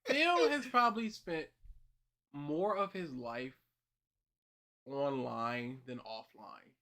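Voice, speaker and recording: Animated mocking host man. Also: on the high side, slow pace. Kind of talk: casual reaction chat.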